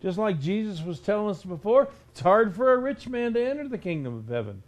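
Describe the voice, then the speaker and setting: A male preacher delivers a stern, emphatic sermon in a notably high voice. He keeps pressing his listeners with pointed rhetorical questions. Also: sing-song, fairly quick.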